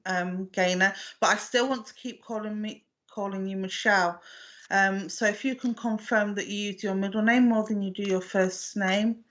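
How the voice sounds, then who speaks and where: In this dull-sounding clip, a woman with a mid-range voice works as a medium during a live online reading. She talks tenderly and warmly, stumbling into frequent pauses and fresh starts.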